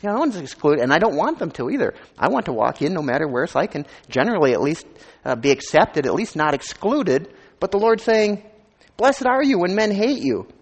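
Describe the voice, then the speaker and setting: A man's voice: on the high side, big pitch swings, fairly quick, husky. A man preaching a sermon as pastor, earnest and conversational, stressing scripture lines with rising emphasis. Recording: long hall reverb.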